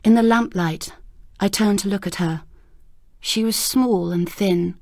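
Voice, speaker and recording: A woman narrating a ghost story audiobook in a measured, unhurried way. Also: medium pitch, a little mellow, no echo, studio quality.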